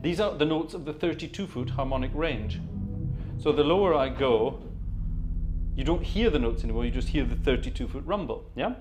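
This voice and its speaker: A man's voice: medium pitch, animated, normal speed, a little mellow, faint music behind. Middle-aged male organist host, chatty, rambling, self-deprecating explainer. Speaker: organist and live-stream host. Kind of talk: casual live-stream chat.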